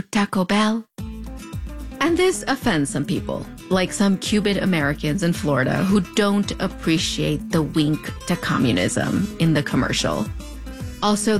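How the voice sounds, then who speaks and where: A woman in her thirties with a US-Mexico border accent, telling a scripted story in a wry, conversational way with playful asides. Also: sits low. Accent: US-Mexico border (fronterizo). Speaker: host. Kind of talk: scripted narration.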